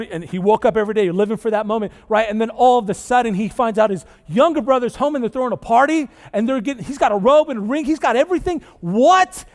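A man with a high voice for his sex gives a casual, lively sermon, checking in with the room often. His voice rings with the long reverb of a large hall. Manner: chatty and animated, tags lines with "right?" and "okay?". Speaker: pastor. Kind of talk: conversational sermon. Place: church sanctuary with live audience.

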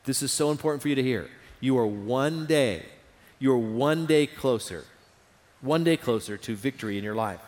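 A man's voice: mid-range voice, normal speed, darkish tone. A man preaching a sermon in an auditorium, earnest and repeating phrases for emphasis. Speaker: pastor. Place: large auditorium. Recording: reverberant hall.

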